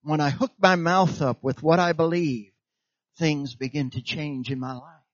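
High-voiced preacher, emphatic call-and-response. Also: male voice, unhurried, no room sound, highs cut off. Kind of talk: sermon.

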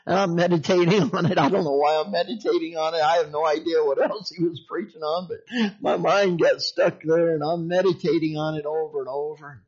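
A man's voice: fairly high pitch, fairly even intonation, fairly quick. A man preaching, telling his own story in a folksy way with frequent chuckles. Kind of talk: sermon testimony. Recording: muffled lo-fi recording.

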